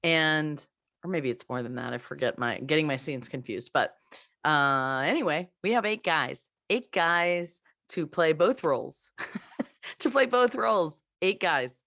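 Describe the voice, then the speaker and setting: A woman's voice: sits low, a little slow, fairly bright tone, no room sound, studio quality. A woman hosting a podcast, telling an anecdote in chatty, casual conversation. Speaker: podcast host.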